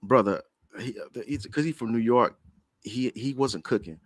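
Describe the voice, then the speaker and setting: A man holds the floor in a heated online debate, speaking bluntly and cursing freely. He keeps stumbling and restarting his sentences. His voice sits at a middle pitch, recorded dry and close to the mic. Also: normal speed, no echo. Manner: blunt, profane, stammering restarts. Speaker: debate panelist.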